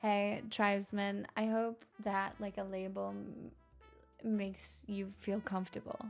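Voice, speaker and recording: A woman streaming and chatting with her viewers in a loose, rambling way, with frequent laughs and the odd curse. Her voice has a gravelly, fry-heavy edge and sits in a mid register. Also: medium pitch, monotone, takes it slowly, soft background music. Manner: candid and rambling, swears, laughs often. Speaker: live streamer reading chat. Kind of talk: casual chat.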